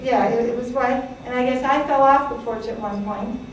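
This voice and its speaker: A woman's voice: fairly high pitch, normal speed, a little hiss or hum. A woman in her sixties, born in Greece, giving a chatty talk to an audience, with many fillers and laughs. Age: 60s. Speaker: presenter. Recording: echoey hall from far off.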